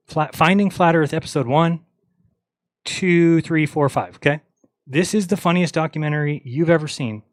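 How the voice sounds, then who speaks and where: A man's voice: fairly high pitch, no room sound. A man hosting a livestream, ranting bluntly and mockingly, acting out the lines of people he quotes. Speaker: livestream host. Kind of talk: casual livestream rant.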